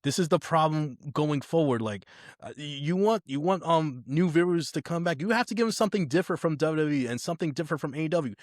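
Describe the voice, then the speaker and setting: Male co-host, high voice, emphatic opinions, dry room. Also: expressive, quick pace, no room sound. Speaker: podcast co-host. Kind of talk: casual chat.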